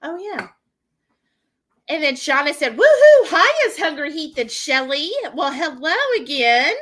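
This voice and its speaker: A woman's voice: high voice, measured pace, bright, forceful tone. A woman hosting a casual live cooking stream from her home kitchen, chatting and reading viewer comments aloud. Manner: chatty, reads out and answers chat messages.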